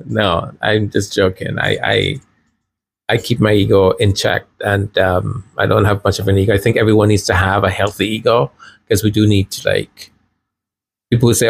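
A man's voice: lowish voice, measured pace, vocal fry, long pauses, breathy edge. Chatty man hosting a podcast. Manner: chatty, laughs easily, repeats words. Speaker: podcast host reading viewer comments. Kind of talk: casual livestream chat.

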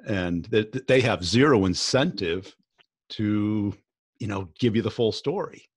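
A man with a lowish voice hosts a podcast interview, chatting and probing with easy agreement. The sound is dry and close, with no room around it. He asks questions in a relaxed, conversational way. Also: unhurried, slightly rough, no room sound. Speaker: podcast host.

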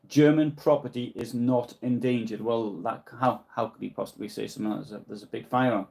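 A man with a Newcastle accent speaks at an ordinary, mid-range pitch while hosting a live history broadcast from his house. He translates old documents aloud in a halting way. He keeps stopping to explain what he has read and to answer viewer comments. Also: fairly even intonation, creaky, darkish tone. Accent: Newcastle English. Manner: halting, pauses to explain and correct himself. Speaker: history livestream host. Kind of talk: live-translating a diary and reading chat comments.

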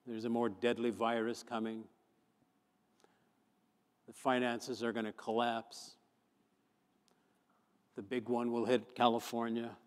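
A man, a pastor, preaching a sermon, moving from chatty storytelling to fervent, loud emphasis. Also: mid-range voice, flat delivery, takes it slowly, long pauses. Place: church sanctuary. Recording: long church hall reverb.

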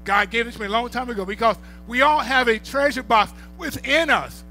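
A man preaching a sermon, emphatic and repetitive, swinging from quiet reflection to loud declarations. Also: very high voice, a little fast, soft background music, poor audio.

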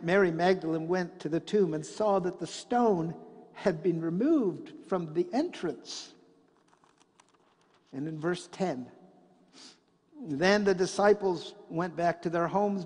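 A man preaching a sermon in a church, telling a story and swinging between loud passages and hushed ones. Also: on the high side, husky, in a large hall. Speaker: pastor. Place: church sanctuary.

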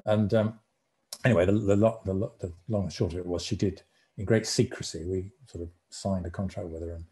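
A man in his sixties giving an anecdotal public talk as a former broadcasting executive, telling stories in a relaxed, conversational way. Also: deep voice, a little fast. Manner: conversational storyteller, relaxed and reflective.

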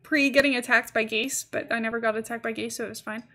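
A woman's voice: a little high, steady tone, fast talker, pushed and bright. A woman streaming a game live, chatting casually and giggling as she talks to her chat. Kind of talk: casual gaming livestream chat.

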